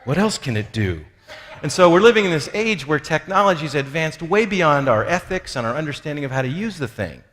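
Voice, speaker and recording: A man with a slightly high, fairly bright voice teaches on spiritual formation, very animated and brisk. He's conversational and funny, laughing at himself and voicing the people he quotes. A large hall's long reverb surrounds the recording.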